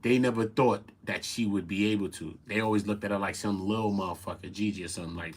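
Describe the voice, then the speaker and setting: A man hosting a casual commentary show, talking in an animated, profane and incredulous way. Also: lowish voice, fast, hardly any pauses, breathy edge. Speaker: commentary host.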